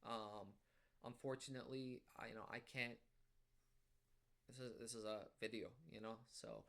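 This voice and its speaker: A man's voice: mid-range voice, fairly even intonation, normal speed, gravelly, fairly bright tone. Rambling, self-conscious man at home. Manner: rambling, self-conscious, many fillers and restarts; reflective, reassuring. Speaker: vlogger. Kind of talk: casual rambling monologue to camera. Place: at home indoors.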